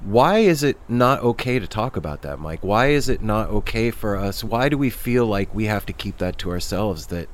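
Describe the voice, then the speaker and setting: A man guest telling stories in a casual, animated chat, swearing freely and laughing. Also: fairly low pitch, normal speed, hardly any pauses. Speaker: podcast guest. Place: outdoor porch.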